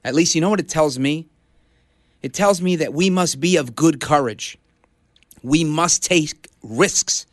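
A man's voice: a little high, measured pace, no room sound, clean studio sound. A middle-aged man from Brooklyn hosting a conservative talk radio show, delivering an impassioned, rallying monologue. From Brooklyn, New York. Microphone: studio broadcast mic.

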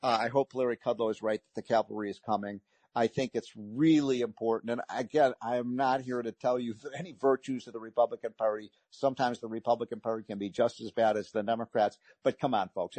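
A man's voice: medium pitch, steady tone, a little fast, darkish tone, no echo. A man hosting a talk radio show, delivering an emphatic, frustrated political monologue with frequent restarts.

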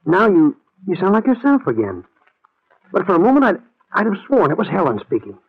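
Nervous stammering husband actor, lively voice, tinny old radio drama. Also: male voice, sits high, a little fast, breathy edge, exaggerated voice. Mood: anxious. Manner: stammering, anxious. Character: worried young husband, anxious and stammering.

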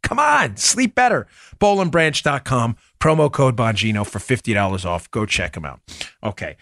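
Hosting a political podcast with a New York accent, this man voices strong opinions and reads the ads himself, hammering home key points with punchy emphasis. His mid-range voice is sing-song with vocal fry and a fairly bright tone, at a moderate pace, in a dry studio-quality recording.

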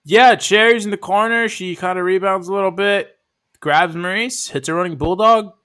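A man's voice: high-pitched, normal speed, a bit bright. Blunt, profane man co-hosting a podcast. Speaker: podcast co-host. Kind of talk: casual recap chat.

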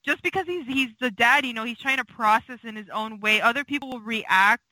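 A woman's voice: fairly high pitch, fairly quick, bright, forceful tone, dry recording, rough recording. A woman co-hosting a fan podcast, talking casually and emotionally with many fillers. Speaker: podcast co-host.

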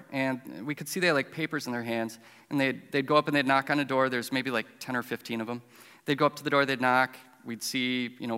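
Bright, clear-voiced Midwestern preacher in a hall. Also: male voice, medium pitch. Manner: conversational, self-deprecating storyteller with frequent restarts. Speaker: pastor. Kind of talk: sermon with personal storytelling. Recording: reverberant hall.

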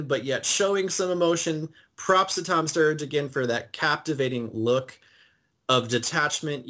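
A man's voice: on the high side, fairly bright tone. A man co-hosting a podcast, retelling and analyzing a TV episode in a casual, enthusiastic way, with many fillers. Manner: enthusiastic, detailed storyteller who uses many fillers. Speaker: podcast co-host.

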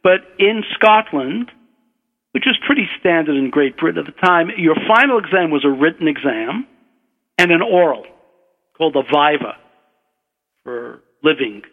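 An older man from Brooklyn spins a relaxed, wry anecdote in an unhurried, conversational way. His voice sits a little high for a man. The sound is a dull radio broadcast with a long reverb around it. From Brooklyn, USA. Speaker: physician and author guest. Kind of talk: anecdotal storytelling.

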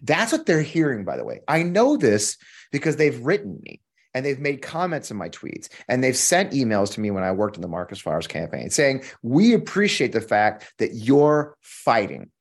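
A man's voice: medium pitch, wildly swooping pitch, a little fast, gravelly, breathy edge. A middle-aged American man hosting a podcast, delivering heated, profane political commentary with emphatic repetition. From United States. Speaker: podcast host.

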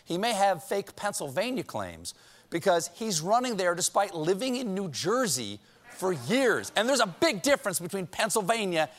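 A man's voice: sits high, sing-song, normal speed. A man hosting a late-night show, delivering a comedic monologue with punchy jokes and sarcastic asides. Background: studio audience laughing.

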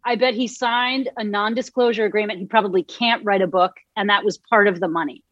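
A woman's voice: medium pitch, fairly even intonation, fairly bright tone, no echo, dull audio. A woman from Massachusetts, a guest chatting casually on a comedy podcast. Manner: quick agreeing interjections, chatty.

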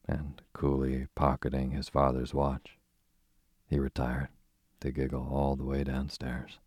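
A man narrating a classic storybook in a steady, measured reading voice with a husky tone. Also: extremely low pitch, dry recording, clean studio sound. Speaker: audiobook narrator.

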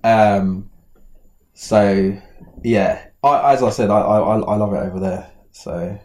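A man's voice: on the low side, slow pace, darkish tone. A man co-hosting a podcast, chatting casually in a rambling, hesitant way with many restarts. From Britain. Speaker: podcast co-host. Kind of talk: casual chat.

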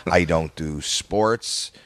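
A man's voice: low voice, very slow, fairly bright tone. An older man from Canada, a comedian guest, telling rambling, self-deprecating stories in a casual podcast chat.

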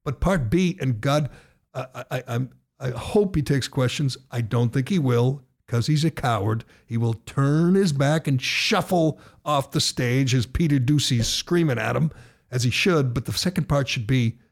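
A middle-aged American man hosting a political talk radio show, sarcastic and given to loud rhetorical questions, speaking in a studio. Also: medium pitch, moderate pace, creaky.

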